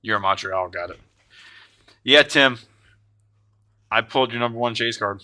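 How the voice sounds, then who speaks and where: A man with a bright, ringing voice hosts a live stream, chatting casually to viewers by name. His talk is loose and excitable, with frequent swearing. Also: medium pitch, moderate pace. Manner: excitable, swears and shouts in bursts; talks to chat viewers by name. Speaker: streamer opening card packs.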